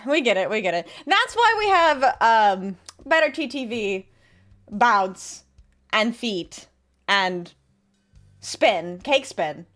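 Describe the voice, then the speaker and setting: Chatty high-voiced woman streamer. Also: fairly bright tone. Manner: chatty, sarcastic, laughs often. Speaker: VTuber streamer. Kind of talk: casual stream chat reading viewer messages.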